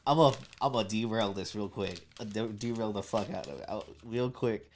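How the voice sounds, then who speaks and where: A podcast co-host talks in casual, sweary chat, with a voice that swings widely in pitch. The delivery is animated and full of laughter, often derailing the conversation. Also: normal speed, crowd noise.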